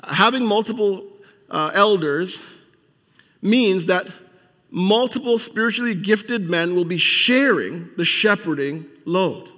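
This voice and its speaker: A man with a fairly high voice preaches a sermon in a church sanctuary, talking conversationally and often restarting his sentences. He presses his points with strings of rhetorical questions, and his voice rings out with a long reverb from the hall. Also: lively intonation, takes it slowly, bright, forceful tone. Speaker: pastor.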